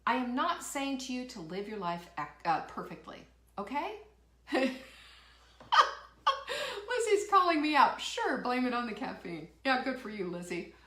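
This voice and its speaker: This woman's voice is a little high and a bit bright, swinging widely in pitch at a moderate pace, with roomy sound. Hosting a live motivational talk show, she's energized and emphatic, poses rhetorical questions, and laughs while reading viewer comments aloud.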